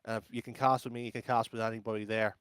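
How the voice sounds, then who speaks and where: A man's voice: lowish voice, flat delivery, racing, fairly bright tone, smooth, dry recording. A man with an Irish accent, an esports caster chatting bluntly in an interview, rambling with many fillers and restarts. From Ireland. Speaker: esports caster, podcast guest. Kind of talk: casual interview chat.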